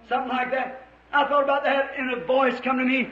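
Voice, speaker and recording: Guy preaching, real high pitched voice, old muffled 1950s tape sound, folksy and fired up. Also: brisk, a little hiss or hum. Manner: fervent, folksy, rising to shouts. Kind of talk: revival sermon. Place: church before a congregation.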